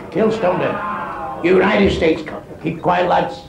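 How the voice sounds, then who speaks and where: A man's voice: high-pitched, steady tone, a little slow, creaky, over music. A man doing a crude, brash stand-up set on a club stage, needling the audience. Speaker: stand-up comedian. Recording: echoey lo-fi live club recording with noise.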